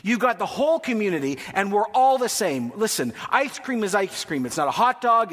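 High-voiced Canadian pastor joking in a hall. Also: male voice, very animated, moderate pace, hardly any pauses, a bit bright, faint music behind. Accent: Canadian English. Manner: chatty, joking, asks the audience questions. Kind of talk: sermon. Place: church hall. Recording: long hall reverb.

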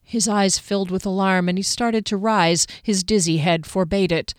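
Smooth-voiced woman narrating fantasy. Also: mid-range voice, steady tone, normal speed, few pauses, dry recording, clean studio sound. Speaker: audiobook narrator.

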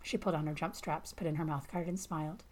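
A woman narrating a first-person science fiction story in a calm, measured way. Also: sits low.

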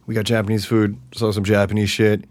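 A man hosting a podcast, chatting casually and energetically, profane, with loud bursts and mumbled asides. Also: on the low side, fairly quick, no echo. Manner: animated and profane, swings from loud bursts to mutters. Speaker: podcast host. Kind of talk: casual solo podcast chat.

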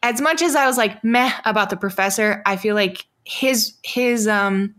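A woman co-hosting a casual film review chat, animated and laughing, full of likes and ums. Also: medium pitch, normal speed. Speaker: podcast co-host.

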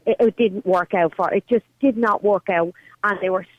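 A woman's voice: medium pitch, moderate pace. An Irish woman calling in to a radio show, earnest and rambling, correcting herself as she goes. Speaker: caller. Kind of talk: talk radio phone-in. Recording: dull lo-fi phone audio.

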